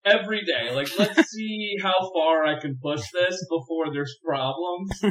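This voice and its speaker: A young man with a bright, forward voice, chatting casually as a podcast guest. He tells his stories with lots of energy and breaks into laughter often. His voice sits a little high for a man. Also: measured pace, rough recording. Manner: laughs often, animated storytelling. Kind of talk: casual chat.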